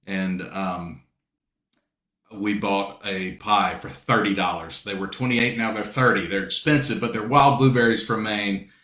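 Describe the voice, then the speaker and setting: A low-voiced man from South Carolina chats on a video call, rambling and greeting viewers as he hosts a book launch. His voice is bright and forceful. The sound comes through with a roomy echo. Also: fairly even intonation, a little slow. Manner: chatty, warm greetings to viewers, rambling asides. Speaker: author hosting a book launch livestream. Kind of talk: casual chat.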